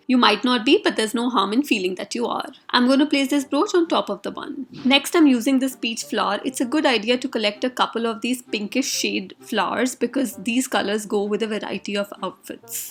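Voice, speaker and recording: A young woman from India narrating a hair styling tutorial as a voice-over, with sarcastic, teasing asides to the viewer. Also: a little high. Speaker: beauty vlogger.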